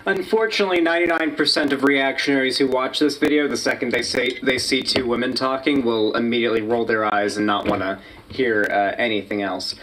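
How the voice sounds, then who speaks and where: Halting man, faint noise behind. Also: mid-range voice, steady tone, fairly bright tone, low-quality recording. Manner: halting, many fillers and tag questions. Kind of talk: casual commentary.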